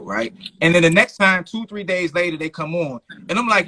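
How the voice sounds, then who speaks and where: Animated high-voiced male talk-show host. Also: normal speed, hardly any pauses. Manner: animated, acts out quoted lines. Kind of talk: live call-in talk show.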